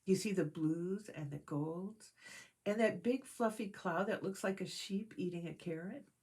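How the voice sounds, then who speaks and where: A woman reading the part of a kind little male piglet in a storybook, speaking gently and reassuringly. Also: on the low side, measured pace, slightly rough. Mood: gentle.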